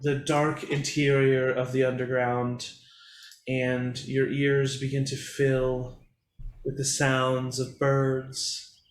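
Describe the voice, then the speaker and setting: A man narrating as game master of a tabletop game, in a relaxed way with many pauses and "um"s. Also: mid-range voice, echoey room, a little hiss or hum.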